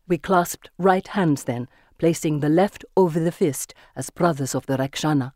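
Measured, vivid first-person audiobook reader; close, dry studio sound. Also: medium pitch, darkish tone, no echo. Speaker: audiobook narrator. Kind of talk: first-person scripted narration.

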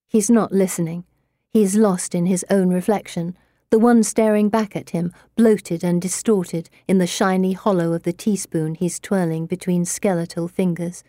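A woman narrating a first-person novel aloud, expressive with a bitter, wry edge. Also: lowish voice, no echo, clean studio sound. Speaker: audiobook narrator.

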